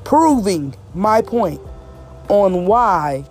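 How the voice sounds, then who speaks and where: A woman from the American South speaks straight to her viewers in an emphatic, exasperated vlog rant. She slows her speech down on purpose and puts weight on each word so it lands clearly. Faint music sits under her voice. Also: medium pitch, big pitch swings, darkish tone. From Southern United States. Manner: deliberately slow, clear delivery. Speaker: vlogger. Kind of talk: direct-to-camera commentary rant.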